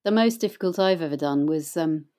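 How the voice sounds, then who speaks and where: Her voice sits low and sounds mellow, moving a little fast. She's a middle-aged audiobook narrator and voice actor, a guest in a casual interview who rambles through stories with plenty of fillers.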